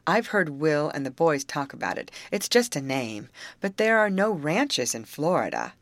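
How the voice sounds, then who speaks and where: A woman reading the part of a gentle, worried teenage girl in an audiobook. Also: low-pitched, very animated, normal speed, no room sound. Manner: soft and hesitant.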